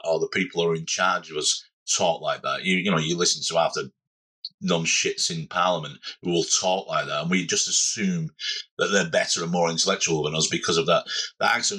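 A man's voice: low-pitched, sharp tone, breathy edge. A middle-aged man from Britain, a comedian guest talking in a blunt, sweary, jokey way. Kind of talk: casual chat.

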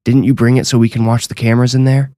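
A man's voice: mid-range voice, level tone, fast, warm tone, no room sound, studio quality, voice pushed up, natural voice. A man voicing an eager young male ghost hunter in a horror story, pleading insistently. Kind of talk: audiobook horror reading.

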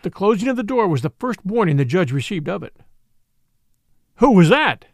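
A man narrating an audiobook in an expressive storytelling way. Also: high voice, fast, vocal fry, no room sound, clean studio sound.

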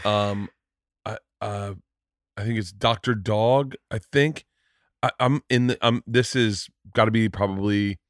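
A man's voice: lowish voice, fairly even intonation, no room sound, studio quality. A man hosting a podcast, telling a story in a rambling, emotional way, swearing freely and restarting his sentences. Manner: halting, many restarts. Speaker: podcast host. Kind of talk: casual chat.

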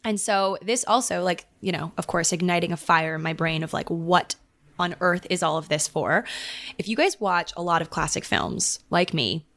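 Chatty low-voiced woman podcast host. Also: normal speed, fairly bright tone. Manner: chatty, frequent "like" fillers, laughs often. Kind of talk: casual chat.

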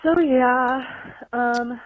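A woman's voice: on the high side, steady tone, extremely slow, a little hiss or hum. A woman caller leaving a tearful voicemail for a podcast, shaky and apologetic. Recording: tinny phone line.

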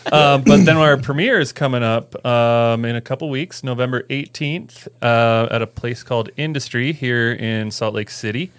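A man's voice: medium pitch, moderate pace, hardly any pauses, smooth, dry recording. A man, a snowboard filmmaker guest, chatting casually on a podcast, loose and rambling with many fillers.

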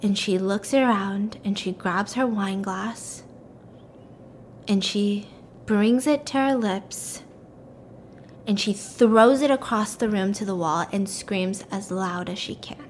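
A woman casually retelling a story in an animated, conversational way, full of "like" and "you know". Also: mid-range voice, slow pace, slight background noise. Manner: animated, conversational, filler-heavy.

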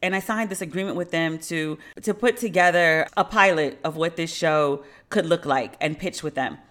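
This podcast host speaks in a low, slightly bright voice at a moderate pace. Commenting solo, she narrates a story mockingly and sardonically, dropping into other people's voices as she quotes them.

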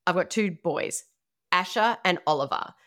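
A woman's voice: on the low side, lively intonation, normal speed, a bit bright. A woman with an Australian accent, a podcast guest talking in a chatty, easygoing way. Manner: chatty, laughs easily. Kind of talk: casual interview chat.

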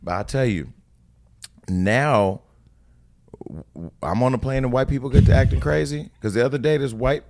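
A man at a middle pitch telling stories with emphasis and energy. He pushes his points hard, and his voice lifts sharply when he gets worked up. This is casual chat among friends. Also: moderate pace, gravelly, pauses often. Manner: storytelling, emphatic, animated. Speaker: podcast co-host.

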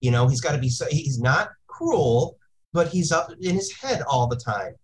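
An opinionated woman on a podcast with a remarkably deep voice. Her pitch swings widely as she argues her points. She stumbles over repeated words when she gets going. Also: expressive, moderate pace, poor audio. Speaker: podcast panelist. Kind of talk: casual podcast chat.

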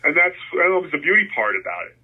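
A middle-aged man from New Jersey telling stories in a casual interview as a guest, rambling with many restarts and animated when quoting himself. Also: fairly high pitch, fast talker. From New Jersey, USA. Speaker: guest, concert photographer. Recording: phone-like line, husky.

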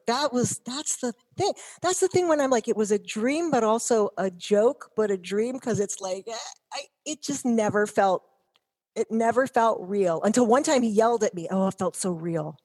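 A woman's voice: mid-range voice, darkish tone. A middle-aged woman guest, telling stories in a chatty, rambling way with many restarts. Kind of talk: casual chat.

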